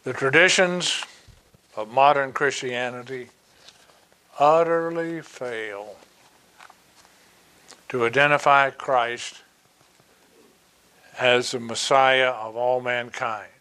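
A man preaching a sermon, reading Bible verses and explaining them with slow, deliberate asides. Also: medium pitch, sharp tone, smooth.

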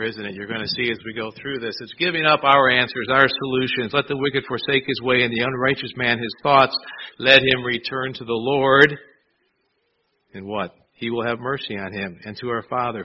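Male pastor, conversational sermon, rhetorical questions, slightly dull recording, faint background hiss. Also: mid-range voice.

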